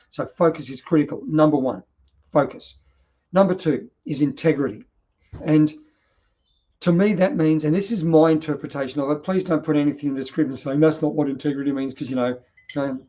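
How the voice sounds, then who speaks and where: Blunt middle-aged Australian man, mellow and a touch high, casual podcast monologue, lo-fi. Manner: blunt, passionate, swears freely. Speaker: podcast host.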